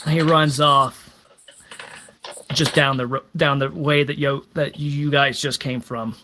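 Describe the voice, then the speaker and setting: A man running a tabletop game as dungeon master, speaking with a bright, forward tone. His narration halts often on fillers and restarts as he works out the scene. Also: mid-range voice, steady tone, takes it slowly, slight background noise. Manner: hesitant, many fillers and restarts.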